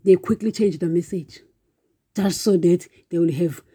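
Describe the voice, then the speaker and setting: A woman delivers an impassioned, informal devotional talk, circling back over her points and speaking straight to her listeners. Her voice is very dark and mellow with a husky edge, and the recording is close and dry. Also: fairly low pitch, normal speed, no echo. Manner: impassioned, repetitive, keeps calling listeners "guys". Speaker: podcast preacher.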